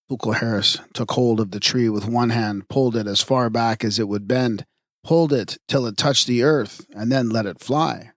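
A man's voice: mid-range voice, moderate pace, no room sound. Man narrating a myth in a dry booth. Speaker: audiobook narrator. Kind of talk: scripted narration.

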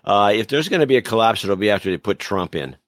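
Low-voiced older man, halting talk. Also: animated, dry recording. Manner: halting, restarts often. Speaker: podcast guest. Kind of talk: casual interview chat.

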